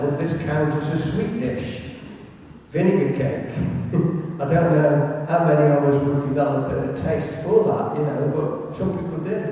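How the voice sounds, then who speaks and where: A man's voice: on the high side, mellow. A man from England giving an illustrated local history talk, chatty and anecdotal, with asides to his audience. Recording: echoey hall recording from far off.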